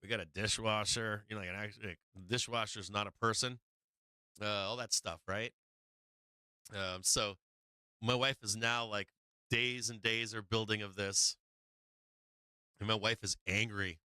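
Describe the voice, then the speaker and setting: Middle-aged male streamer, bright and clean tone, dry close mic, rambling storyteller. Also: on the low side, steady tone, measured pace, pauses often, smooth, dry recording. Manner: rambling, laughs often, acts out family voices. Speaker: stock market livestream host. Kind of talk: casual livestream storytelling.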